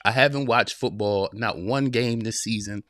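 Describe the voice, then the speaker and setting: A man's voice: lowish voice, moderate pace, fairly bright tone, no echo. Preachy man in his forties, dry close mic. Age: 40s. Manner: preachy, direct address with repetition; casual, addresses listeners as y'all and man. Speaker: podcast host. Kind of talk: live-streamed motivational podcast talk.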